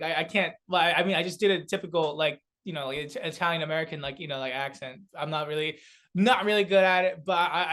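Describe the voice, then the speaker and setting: A young man from South Korea, chatting as a guest on a comedy podcast, telling stories with lots of fillers and laughs. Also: sits high. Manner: laughing, animated storyteller with many fillers. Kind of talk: casual podcast chat.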